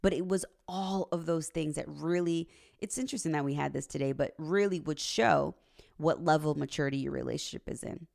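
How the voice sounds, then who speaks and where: A woman in her thirties hosts a casual relationship livestream, with a low voice and a gravelly, creaky edge. She talks earnestly about faith and values, tosses in "right?" and "like", and laughs easily as she tells stories. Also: brisk. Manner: earnest, faith-based, uses "right?" and "like" often; animated storyteller, laughs easily. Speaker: relationship coach and host. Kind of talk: casual livestream talk, reading viewer comments.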